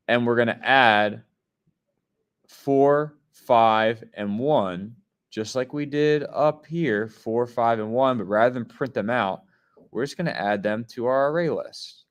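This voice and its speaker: A man's voice: medium pitch, takes it slowly, clear, resonant tone. A man teaching a coding lesson, explaining step by step and checking in with his students as he goes. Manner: step-by-step explaining, often checking in with "right?" and "okay?". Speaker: programming teacher. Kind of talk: screen-share coding lesson.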